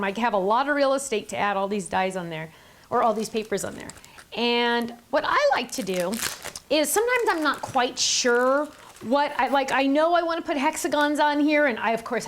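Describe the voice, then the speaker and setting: A middle-aged woman hosting a card-making tutorial, chatty and enthusiastic, gushing over her supplies. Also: fairly high pitch. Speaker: craft video host.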